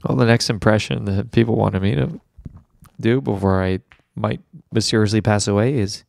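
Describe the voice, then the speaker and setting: Hoarse, rambling comedy podcast host. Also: male voice, lowish voice, steady tone, fairly quick, darkish tone, dry recording, studio quality. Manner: rambling, jokey and self-deprecating. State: hoarse with laryngitis.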